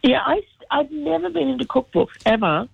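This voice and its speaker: A man's voice: very high voice, big pitch swings, normal speed, vocal fry, dry recording. A man calling in as a regular radio contributor, explaining trends fluently and with opinions. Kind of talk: casual radio chat by phone. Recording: phone line.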